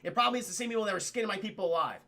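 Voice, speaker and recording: Picture a tough squad leader in a jungle, snapping curses and orders, as a man puts him on. The voice sits high, with a gravelly catch. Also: rapid-fire, bright, forceful tone, heavily acted. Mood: commanding. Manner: blunt, profane orders. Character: gruff male commando squad leader barking orders.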